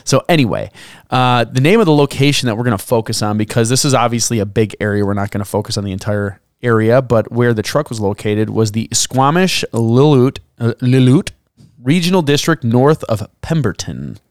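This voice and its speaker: A man's voice: medium pitch, brisk, no echo, studio quality. A man co-hosting a podcast, reading out research notes in casual chat and dropping wry jokes between the facts. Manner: jokey, drops wry asides between facts. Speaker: podcast co-host.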